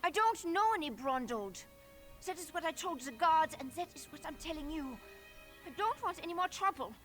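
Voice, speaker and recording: A jumpy frightened informant. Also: female voice, high-pitched, expressive, normal speed, fairly bright tone, faint music behind. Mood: defensive threat. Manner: threatens nervously, then pleads.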